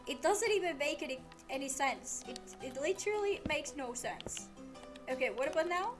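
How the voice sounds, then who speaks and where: A woman with a high voice comments casually on her gameplay at an unhurried pace. She grows exasperated and scolds the game, repeating herself. Game music plays clearly underneath. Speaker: streamer.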